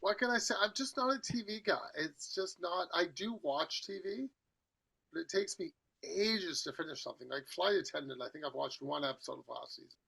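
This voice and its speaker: A middle-aged man hosts a podcast in loose, rambling chat, hopping from topic to topic. His voice sits a little high with a gravelly, husky edge and a bright, forceful tone. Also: lively intonation, a little fast, low-quality recording. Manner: rambling and chatty, jumps between topics. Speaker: podcast host. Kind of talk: casual chat.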